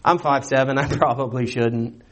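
A man preaching a sermon, animated and conversational, with rhetorical questions and playful asides. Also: medium pitch, normal speed. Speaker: pastor.

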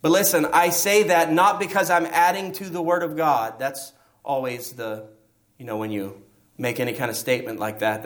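A man's voice: on the high side, steady tone, moderate pace. A man preaching a sermon as pastor, emphatic and asking his listeners rhetorical questions.

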